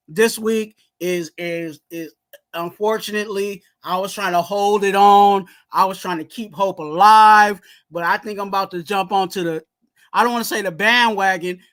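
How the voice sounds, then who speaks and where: A man co-hosting a fan podcast, ranting heatedly and shouting about his team's coaching. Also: high voice. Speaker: podcast co-host. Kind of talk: heated sports fan rant.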